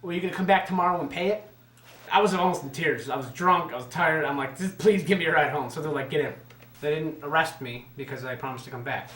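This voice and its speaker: Fast and on the high side, a man in his twenties tells a story in an echoey room, cursing a lot and lively as he voices what others said in a casual way.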